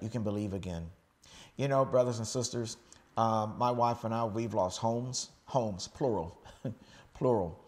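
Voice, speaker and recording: A middle-aged American man preaching a sermon in a relaxed, conversational way, often checking in with "okay?" and restarting his phrases. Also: on the low side. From United States. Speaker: pastor.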